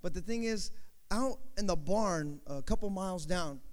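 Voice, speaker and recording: A man voicing a weary old rancher who speaks low and slow, in a sermon story. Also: animated. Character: weary old rancher asking a grim favor. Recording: long hall reverb.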